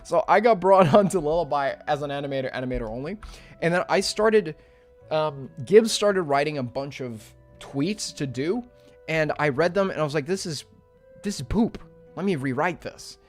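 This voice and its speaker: A fairly high-voiced young man chats loosely on a home livestream. He rambles through fillers and restarts, dropping to mumbles and then bursting into loud, excited yelps. Faint music plays underneath. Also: normal speed. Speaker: streamer and animator. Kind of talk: casual livestream chat.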